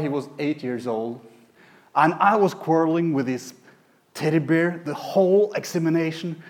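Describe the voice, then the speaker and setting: Chuckling, halting male pediatric radiologist. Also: high-pitched. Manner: halting, many fillers and restarts, chuckling asides. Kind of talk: lecture with anecdotes.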